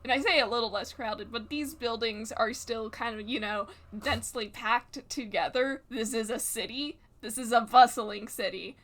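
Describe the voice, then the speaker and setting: A woman narrating as game master of a tabletop role-play, halting with many fillers and restarts. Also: fairly high pitch, fairly bright tone.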